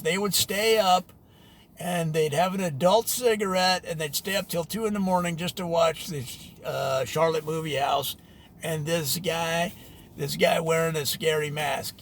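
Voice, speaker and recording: A man in an animated, jokey, exasperated ranting monologue about local media. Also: a little high, a little hiss or hum. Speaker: media commentator.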